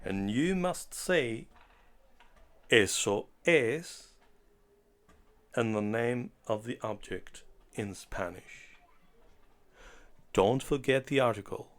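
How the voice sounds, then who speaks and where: Man, language teacher, slow scripted lesson, deliberate clear enunciation, mid-pitched voice. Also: animated, fairly bright tone.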